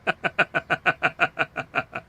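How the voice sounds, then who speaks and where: A man's voice: very slow, sharp tone. A man giving live gameplay commentary, joking, laughing often and talking to the game animals. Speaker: streamer.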